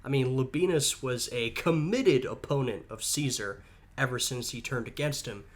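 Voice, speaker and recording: A man's voice: medium pitch, normal speed. A man hosting a history reaction video, slightly sick and chatting casually while thinking aloud. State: a little sick, voice sounds off. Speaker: host of a history reaction channel.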